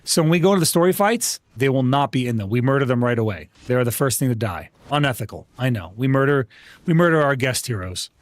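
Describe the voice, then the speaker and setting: Man, gaming streamer, casual chatty talk, upbeat, repeats words, lively pitch. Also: fast, no room sound. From United States. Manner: chatty and upbeat, restarts words often, calls people bro and dude. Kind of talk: casual live-stream chat while gaming.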